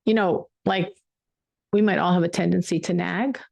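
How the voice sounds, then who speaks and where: Woman, Torah teacher, storytelling class, emphatic repetition, gravelly edge. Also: on the low side, fairly even intonation, moderate pace, darkish tone, no echo. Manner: emphatic, repeats words for weight.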